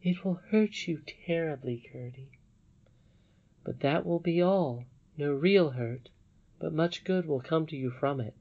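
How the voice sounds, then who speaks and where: A man's voice: fairly high pitch, narrow, tinny audio, voice pushed up. Man voicing a wise regal old princess. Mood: gentle. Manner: solemn, measured, instructive. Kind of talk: audiobook reading.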